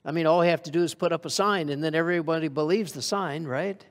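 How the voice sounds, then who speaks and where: A man preaching a sermon with a somewhat high voice. He talks in a conversational way and asks his congregation questions. His voice carries a long reverb from the church hall. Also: quick pace.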